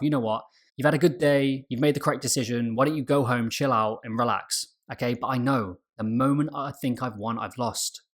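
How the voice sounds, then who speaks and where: A man talking to camera as a trading vlogger, giving an emphatic motivational talk that keeps repeating mantras and checks in with "okay?". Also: mid-range voice.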